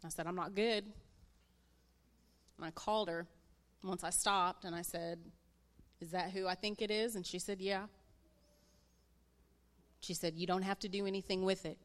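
A woman's voice: fairly low pitch, steady tone, normal speed, pauses often. A woman in her thirties sharing a personal story in church, candid and emotional. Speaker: guest speaker. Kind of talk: personal testimony.

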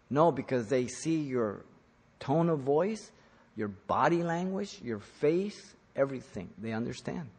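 A man preaching a teaching sermon on scripture, stressing key words loudly and then dropping to quiet asides. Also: a little high, sing-song, moderate pace, breathy edge. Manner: emphatic, swings from loud stresses to quiet asides. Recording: long reverb of a large hall.

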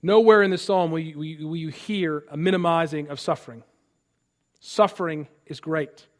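Male pastor, high voice, earnest sermon delivery with rising emphasis. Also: moderate pace. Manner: earnest preaching, reads scripture aloud with rising emphasis.

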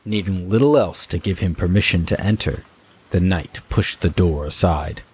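Man narrating a story, deep voice, husky, lo-fi sound. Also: normal speed. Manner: steady storytelling. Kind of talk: scripted narration. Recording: dull lo-fi recording.

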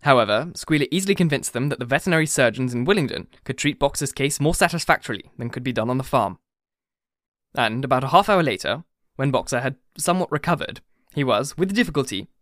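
A man's voice: mid-range voice, a bit bright, no room sound. Man reading an audiobook, dry close sound. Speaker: audiobook narrator. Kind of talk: scripted narration.

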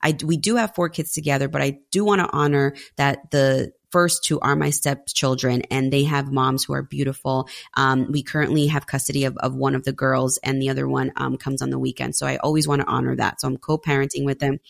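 A woman's voice: rumbling low, fairly even intonation, brisk, vocal fry, hardly any pauses. A woman in her thirties telling candid stories about family life in a casual conversation, with many fillers. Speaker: podcast guest.

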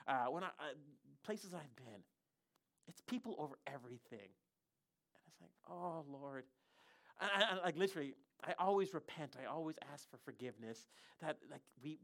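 Pastor preaching, animated storytelling, lots of "i, i" restarts, average pitch. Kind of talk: sermon.

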